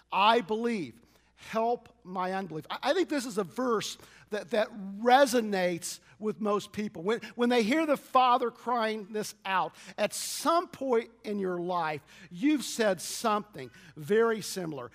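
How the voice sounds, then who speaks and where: A man's voice: high-pitched, lively intonation, measured pace, fairly bright tone, in a large hall. A man preaching a sermon as pastor, earnest, often restarting his words and asking the congregation to repeat lines after him.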